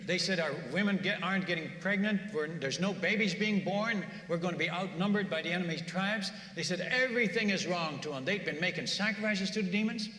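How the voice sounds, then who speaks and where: Guy preaching in a big echoey church, high voice, lively storyteller. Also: a little fast, few pauses. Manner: animated, conversational, repeats words. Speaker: preacher, former missionary. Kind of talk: sermon storytelling. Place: church sanctuary.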